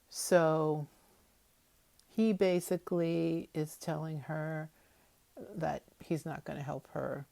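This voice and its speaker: A woman's voice: sits low, level tone, slow pace, vocal fry, pauses often, dark tone. A woman giving a chatty, wry recap of a TV episode, with lots of fillers as she talks it through. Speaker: TV episode commentator.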